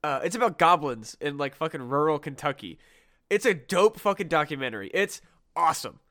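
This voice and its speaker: Excitable, foul-mouthed man on a podcast. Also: fairly high pitch, fairly quick. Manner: profane, excitable, laughs often, acts out his own reactions. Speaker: podcast co-host. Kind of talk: casual comedy podcast chat.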